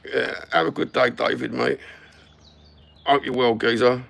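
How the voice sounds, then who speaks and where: A YouTube content creator stands and films himself, ranting to camera in a blunt, sweary, heated way. His voice is medium-pitched, creaky and fairly bright, with a level tone and an unhurried pace.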